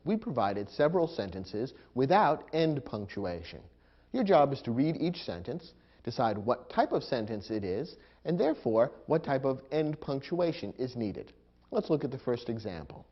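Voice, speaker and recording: A man giving a scripted grammar lesson, explaining in a measured way and acting out example sentences. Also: mid-range voice, big pitch swings. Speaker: grammar instructor. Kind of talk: scripted instructional narration. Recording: dull lo-fi recording.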